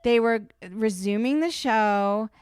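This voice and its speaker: A woman's voice: fairly high pitch, slow, darkish tone, clean tone, no echo, clean studio sound. A woman co-hosting a podcast, telling a rambling story in casual chat, with lots of "like". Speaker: podcast co-host.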